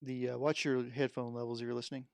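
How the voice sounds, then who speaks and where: A man's voice: mid-range voice, flat delivery, fast, very noisy. A man live-streaming from his home studio, rambling and thinking aloud as he unpacks and wires up music gear. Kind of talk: unscripted live stream chat. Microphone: headset microphone.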